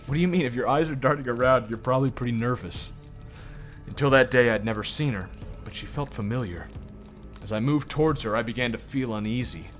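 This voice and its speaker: A man's voice: mid-range voice, a bit bright. A man streaming a game, thinking aloud and reading narration with wry, swearing asides. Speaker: gaming streamer. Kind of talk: casual game commentary.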